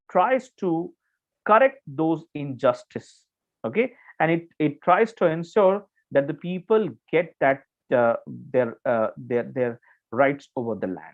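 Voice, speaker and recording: Indian English man, exam-prep lecturer, slightly high voice, halting with fillers, tinny phone-like audio. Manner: explains with many restarts and fillers, checks in with "okay". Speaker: exam coaching teacher. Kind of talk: online current affairs lecture.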